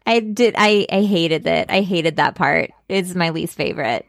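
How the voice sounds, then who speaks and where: Low-voiced woman podcast co-host. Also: unhurried, vocal fry, dry recording, clean studio sound. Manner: relaxed, filler-heavy, laughs at own stories. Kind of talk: casual chat.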